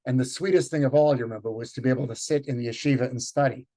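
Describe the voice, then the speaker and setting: Halting man teaching over a video call. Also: mid-range voice, steady tone, dark tone. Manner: thoughtful, halting, with many fillers. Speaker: Yiddish teacher leading a group reading. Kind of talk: online lecture and read-aloud.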